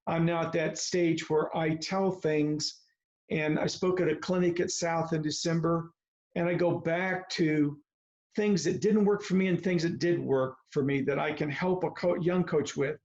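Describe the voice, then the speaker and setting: A man in his seventies, a retired baseball coach, telling folksy stories in a slow, deliberate way on a video call. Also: on the high side, fairly even intonation, darkish tone. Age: 70s. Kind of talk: reflective talk on a video call. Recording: slightly muffled video call audio.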